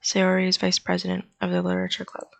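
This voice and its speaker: Woman, low pitch, gravelly voice, reading game text aloud, dry wry tone. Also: completely flat delivery, quick pace. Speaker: gaming channel host. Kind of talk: reading a visual novel aloud with commentary.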